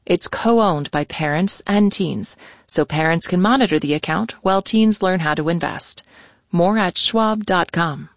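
A woman announcer reading sponsor credits in a smooth, even way. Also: lowish voice, a little slow, dry recording, studio quality. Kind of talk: scripted announcement.

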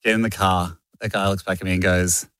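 A man's voice: sits low, fairly even intonation, a little fast, a bit bright, smooth, dry recording, clean studio sound. A man with an Australian accent, co-hosting a podcast and telling an anecdote in casual chat, acting out quoted lines and laughing often. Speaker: podcast co-host.

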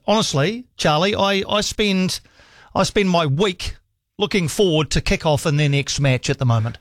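A man's voice: moderate pace, dry recording, clean studio sound. A man hosting sports talkback radio, enthusiastic and encouraging with callers. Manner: enthusiastic, warmly encouraging callers, rising pitch when excited. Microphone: studio mic.

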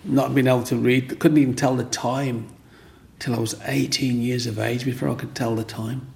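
A man's voice: medium pitch, level tone, normal speed, vocal fry, a little mellow. An older man telling his own story in a rambling, restart-filled way, as an interviewee. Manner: rambling, with restarts and "you know what I mean".

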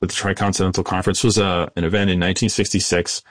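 Man, deep voice, interview answers, explanatory, dry mic. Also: little pitch movement, dry recording. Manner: measured, explanatory, with frequent restarts. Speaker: guest historian.

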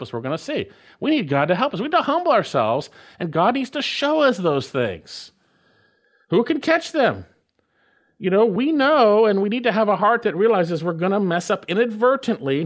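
A man preaching an expository sermon, stressing key phrases with repetition, slowing down and dropping to a hush for emphasis. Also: sits high. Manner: emphatic, repeats key phrases with dramatic pauses; swings between loud and hushed, slows to stress words. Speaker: pastor.

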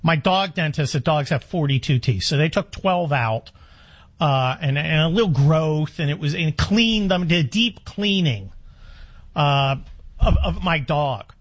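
An older man in his sixties holds forth on talk radio with a lively, swinging pitch. His delivery is wry and rambling, full of quick restarts and exasperated asides. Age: 60s. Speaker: radio talk show host.

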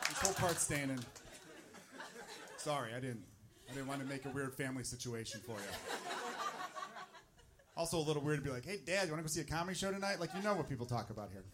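A man's voice: medium pitch, fairly quick, long pauses, heavy background noise. A man performing a stand-up set, conversational, chatting with and teasing the audience during a live recording. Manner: conversational, crowd-teasing delivery. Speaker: stand-up comedian.

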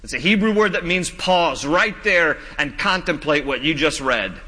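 A man preaching a sermon as pastor, earnest, slowing down whenever he reads scripture aloud. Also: a little high, lively intonation, pushed and bright. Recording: long reverb of a large hall.

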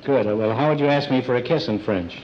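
A man hosting a quiz show, teasing his contestants with puns and quick asides. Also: mid-range voice. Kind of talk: wisecracking quiz show banter. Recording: muffled old broadcast with loud hiss. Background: studio audience laughter.

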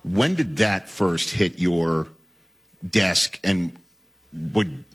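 A man hosting a sports radio talk show, taking calls and pushing back in a conversational way with quick restarts. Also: deep voice, fairly bright tone, husky, no echo.

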